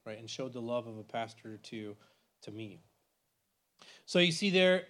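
A man in his forties teaching a church bible class in a conversational way, with many restarts and frequent "right?" checks. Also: fairly high pitch.

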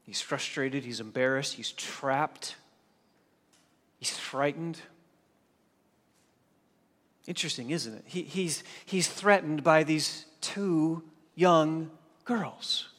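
A man preaching a sermon as pastor, swinging from hushed, drawn-out phrases to loud emphatic lines. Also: fairly high pitch, long reverb tail.

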